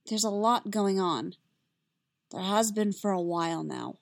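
A woman reading as a gentle, steady Jedi master. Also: mid-range voice, unhurried, vocal fry, no room sound, studio quality.

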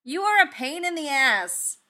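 A woman voicing an exasperated, grumbling male inventor, protesting loudly and rising high. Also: big pitch swings, normal speed. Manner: loud, high-pitched protests. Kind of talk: audiobook character reading.

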